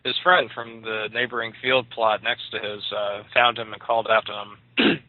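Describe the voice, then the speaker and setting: A man's voice: lowish voice, fairly even intonation, normal speed, few pauses, no echo. A man narrating an ad-libbed story on a radio show, loose and full of restarts. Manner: loose, with many fillers and restarts. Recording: tinny dry phone line.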